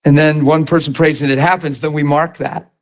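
A middle-aged man, preaching a sermon in a conversational, animated way, with asides to the congregation. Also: on the high side, brisk. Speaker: pastor.

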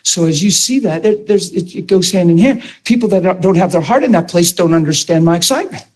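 A man preaching in a high-pitched, husky voice. He tells his story excitedly and emphatically, often restarting his words mid-sentence. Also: a little fast, rough recording. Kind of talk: sermon.

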